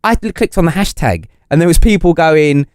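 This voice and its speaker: Man, London accent, podcast guest, profane, animated, lightly higher voice. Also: fairly quick, clean tone, no room sound, studio quality. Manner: swears freely, animated mimicking of others. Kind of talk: casual podcast chat.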